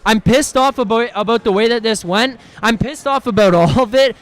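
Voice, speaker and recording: A man's voice: very high-pitched, normal speed, a bit bright. A man hosting a live post-game reaction stream, ranting in a heated, profane, exasperated way, often stumbling over his words as he restarts.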